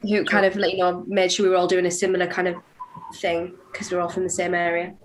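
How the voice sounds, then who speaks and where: A woman's voice: lowish voice, monotone, fast. Chatty young woman from England. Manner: chatty, self-correcting, laughs easily. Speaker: actress, interview guest. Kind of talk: casual video-call interview. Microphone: video call.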